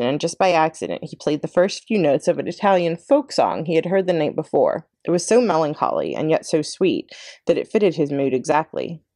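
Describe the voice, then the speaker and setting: A librarian woman reading a children's chapter book aloud with expressive narration. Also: low-pitched, dry recording, studio quality. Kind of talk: read-aloud storybook narration.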